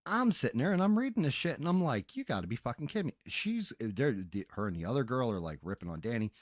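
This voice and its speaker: A man's voice: mid-range voice, big pitch swings, brisk, no echo, studio quality. A man streaming on a headset mic, telling a story in a casual, profane, exasperated rant. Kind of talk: casual ranting stream chat.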